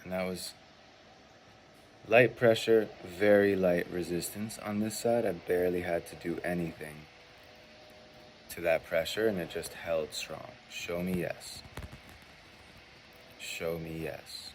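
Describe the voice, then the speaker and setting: Deep-voiced man teaching calmly. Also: a little hiss or hum. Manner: slow, deliberate, repeats short phrases. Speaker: spiritual mentor teaching muscle testing. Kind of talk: calm instructional demonstration.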